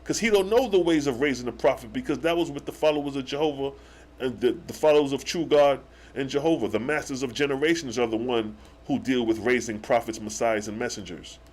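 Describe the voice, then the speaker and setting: A man hosting a live religious stream, reading verses slowly and then breaking into excited slang commentary with rhetorical questions. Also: mid-range voice. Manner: challenges the listeners with rhetorical questions. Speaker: religious livestream host. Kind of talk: live scripture teaching.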